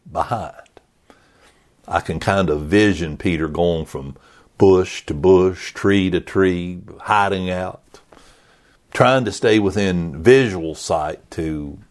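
Slow, low-voiced man preaching. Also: darkish tone. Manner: dramatic storytelling, voicing characters' thoughts. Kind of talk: sermon.

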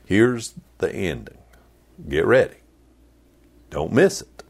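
A male preacher delivers his sermon slowly and deliberately, his low voice swinging widely in pitch. He keeps it conversational and playful, teasing the congregation with asides. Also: big pitch swings, gravelly. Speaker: pastor.

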